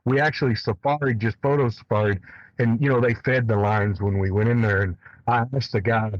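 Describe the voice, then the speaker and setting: A man telling a hunting story in a casual, animated way, swearing freely. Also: medium pitch, fairly quick, no room sound, highs cut off. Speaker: guest elk hunter.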